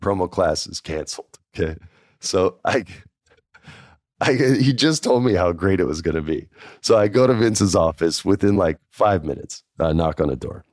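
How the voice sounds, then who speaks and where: A man telling a casual anecdote in an animated way, often adding "like" and "right?". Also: low voice, moderate pace, no echo, studio quality.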